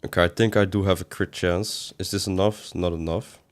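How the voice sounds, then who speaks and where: A man's voice: deep voice, fairly even intonation, brisk. A man doing casual livestream commentary as a game streamer, reading chat aloud and answering it in a rambling way with sudden exasperated outbursts.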